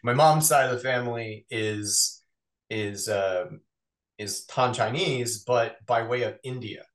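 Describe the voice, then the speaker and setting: A man who works as a voice actor, chatting casually as an interview guest in an animated, rambling way with quick asides. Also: mid-range voice, roomy sound.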